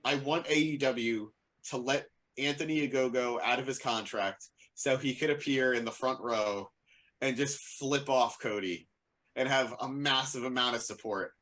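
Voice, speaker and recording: Male podcast co-host, mid-pitch, playful rambler, casual chat. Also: normal speed, a bit bright. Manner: playful, rambly, corrects himself mid-sentence.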